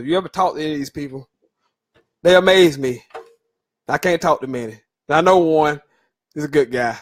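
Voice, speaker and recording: A man's voice: fairly high pitch, normal speed, long pauses. A middle-aged man hosting a solo sports talk podcast, loose and opinionated, with fillers and stumbles as he reads through lists.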